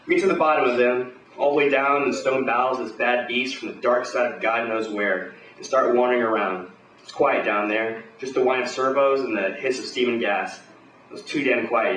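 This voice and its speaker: A man's voice: mid-range voice, a bit bright, roomy sound, far from the mic, a little hiss or hum, low-quality recording. A man performing a hard-boiled pulp story live at a bar, with swaggering, profane tough-guy narration. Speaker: performer at an open reading.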